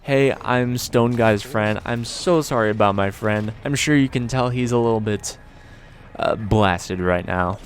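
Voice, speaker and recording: A man voicing a polite young man who apologizes for his friend and orders quickly. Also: lowish voice, slight background noise, close to an everyday voice. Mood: apologetic.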